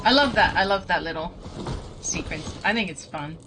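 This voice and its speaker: A woman's voice: lowish voice, lively intonation, normal speed, low-quality recording. A British woman streaming a video game, chatting with her viewers in a rambling, giggly way and laughing often. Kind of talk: casual gameplay commentary chatting with viewers. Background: game music.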